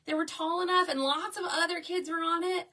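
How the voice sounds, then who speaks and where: Lady in her 30s chatting away while she crafts, bright forceful voice, bit far off the mic. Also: extremely high pitch, steady tone, brisk. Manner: chatty, addresses viewers as y'all, frequent "okay?". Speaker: craft video host.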